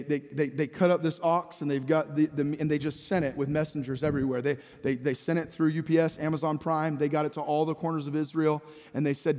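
A man's voice: on the high side, darkish tone. Man preaching in a reverberant hall. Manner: preaching with rising intensity, repeats words, acts out voices of people. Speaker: pastor. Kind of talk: sermon.

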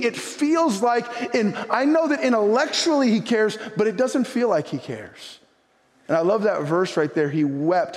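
A man preaching a sermon as pastor, reading old-style scripture and then pleading directly with his congregation. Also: very high-pitched. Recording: long hall reverb.

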